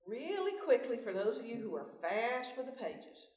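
A woman's voice: fairly high pitch, big pitch swings, moderate pace, hardly any pauses, a little mellow. A woman giving a folksy devotional talk, asking her group questions, recorded in a meeting room away from the mic. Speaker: Bible study speaker. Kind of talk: devotional teaching. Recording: roomy, from far off mic.

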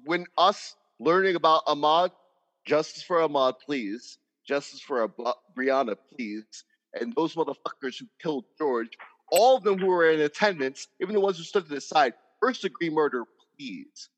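A man speaks with fervent conviction and keeps circling back to his point as host of a casual talk show. His voice sits a touch high, and the call audio carries a long, hollow reverb. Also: expressive, moderate pace. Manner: impassioned and emphatic, repeats himself. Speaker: podcast host. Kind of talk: casual chat. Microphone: video call.

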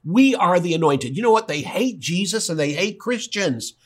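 A man preaching a sermon in an animated way, acting out voices in his retelling. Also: sits high, moderate pace. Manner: animated, acts out quoted dialogue.

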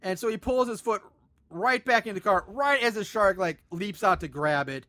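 A man hosting a casual podcast, recapping a movie with animated sarcasm and frequent swearing. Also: high voice, normal speed, dry recording, clean studio sound.

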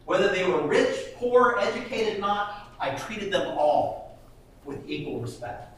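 A man's voice: high voice, animated, unhurried, fairly bright tone, slight background noise. A man doing a proud small-town doctor. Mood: earnest. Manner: self-satisfied, listing his good deeds. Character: proud middle-aged male town doctor. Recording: echoey room, mic far off.

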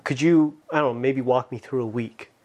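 A man's voice: mid-range voice, steady tone, brisk, a little mellow. A man hosting an interview, asking curious, casual questions and giving short acknowledgments. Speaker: interviewer, host. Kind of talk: conversational interview.

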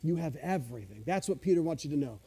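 A man's voice: fairly high pitch, animated, fast talker, mellow, slightly rough. A male pastor preaching a sermon in a conversational, self-deprecating way, eagerly unpacking the original Greek words of scripture.

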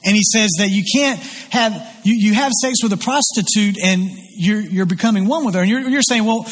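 Fairly quick in pace, this preacher's high, slightly husky voice booms through a big church hall with lengthy reverb. He's earnest and emphatic in his sermon, looping back over phrases.

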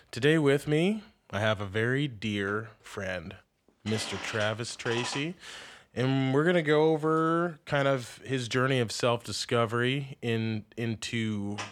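A man's voice: mid-range voice, a bit bright, slight background noise. A man hosting a podcast in a playful, laid-back way, casually swearing. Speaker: podcast host.

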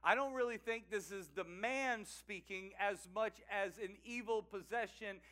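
Bright-voiced, animated male pastor. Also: high-pitched, a little slow. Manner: animated, laughing asides, emphatic. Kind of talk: sermon.

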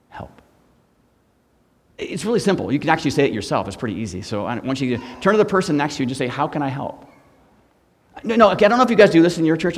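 A middle-aged man, a guest pastor, preaching a sermon with humor, moving between hushed and loud. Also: mid-range voice, in a large hall. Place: church sanctuary.

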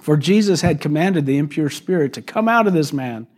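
A male pastor preaches to his congregation in an easygoing, conversational manner. His voice sits a little high for a man, and he retells the story with lively, animated asides. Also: fairly quick. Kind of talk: sermon. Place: church service.

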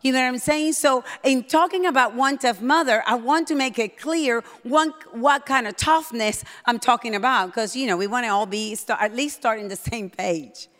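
A middle-aged woman preaching a sermon in a church, bold and emphatic, getting loud when excited. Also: a little high, normal speed, few pauses. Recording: long hall reverb.

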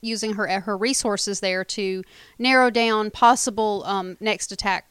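A woman's voice: mid-range voice, fairly even intonation, unhurried, fairly bright tone, clear, resonant tone, no echo. A woman in casual conversation, picking apart a TV plot with sarcastic remarks. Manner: analytical, sarcastic about plot holes. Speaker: podcast co-host recapping a TV show. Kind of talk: casual chat.

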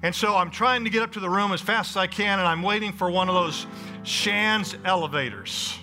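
A man with a high, bright voice preaches a sermon to his congregation. He is emphatic, calling out for agreement from the room. Soft music sits faintly behind him. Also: poor audio. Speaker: pastor. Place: church sanctuary before a congregation.

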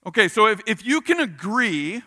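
High, bright-voiced male preacher. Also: moderate pace. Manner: casual, animated preaching with acted-out asides. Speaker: pastor. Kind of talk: sermon.

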